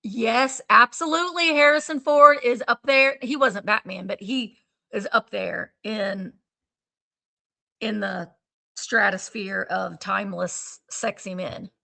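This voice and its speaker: Chatty woman with a bright gravelly voice. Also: medium pitch, slow pace. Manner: rambling and chatty, trails off hunting for names. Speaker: live-sale stream host. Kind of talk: casual live-stream chat. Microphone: streaming setup.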